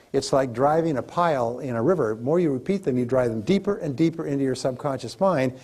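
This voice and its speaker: A man's voice: mid-range voice, dark tone. A man giving a motivational seminar lecture to a live audience, emphatic and repetitive as he coaches them. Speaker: motivational speaker.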